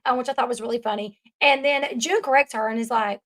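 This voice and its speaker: Chatty high-voiced woman recapping a show. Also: fast talker, fairly bright tone. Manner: chatty, laughs at the scenes she retells. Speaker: commentary host. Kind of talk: casual recap of a reality show.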